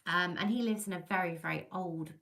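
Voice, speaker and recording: Bright-voiced chatty English woman. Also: fairly low pitch, a little fast. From England. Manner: chatty, animated storytelling, greets viewers by name. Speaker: livestream host. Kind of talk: casual livestream chat.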